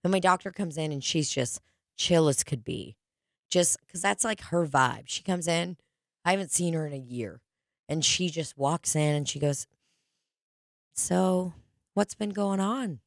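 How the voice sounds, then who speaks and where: A woman comic spinning a story in a loose, chatty way, swearing freely and leaning on "like" every few words. Her voice sits on the low side and the recording is dry and close, with no room around it. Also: expressive, normal speed, no echo. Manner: chatty, profane, peppered with "like".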